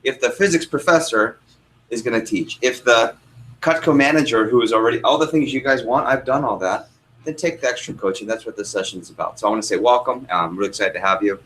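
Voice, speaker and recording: A man's voice: mid-range voice, quick pace, fairly bright tone, a little hiss or hum, rough recording. A young man, a sales trainer, teaching a workshop room and telling a story, asking the audience questions as he goes.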